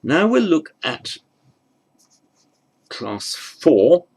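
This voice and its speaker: A man's voice: a little high, very animated, drawn-out words, creaky, a little mellow, husky. A man giving a grammar lecture, thinking aloud with fillers and self-corrections. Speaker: teacher.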